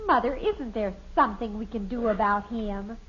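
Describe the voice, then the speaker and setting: A woman's voice: fairly high pitch, moderate pace, fairly bright tone, a little hiss or hum, lightly acted. An actress playing a teenage girl who puts on refined airs, in affected, theatrical 1950s radio sitcom acting, on a dull old radio recording. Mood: dramatic.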